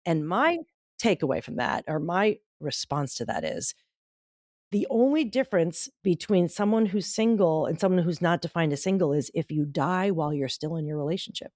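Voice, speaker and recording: Lively middle-aged woman telling stories. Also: on the low side, normal speed, no room sound, clean studio sound. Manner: animated storyteller who acts out quoted dialogue. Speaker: guest author and speaker. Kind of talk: casual podcast conversation.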